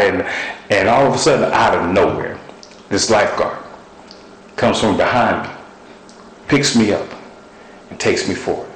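A man preaching a sermon, telling stories with animated delivery. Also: normal speed, reverberant, rough recording. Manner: storytelling, animated with sudden high shouts.

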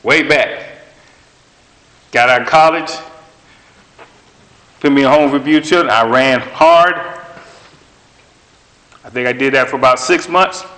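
A man's voice: mid-range voice, measured pace, long pauses, sharp tone. A man preaching a sermon with an emphatic, repetitive cadence, hammering home short phrases. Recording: roomy echo.

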